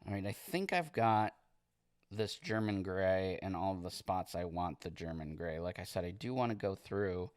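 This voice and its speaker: A man streaming as he paints miniatures, chatting casually in a relaxed, rambling way and reading viewer comments aloud. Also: deep voice, normal speed, no room sound, studio quality. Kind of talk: casual livestream chat while painting.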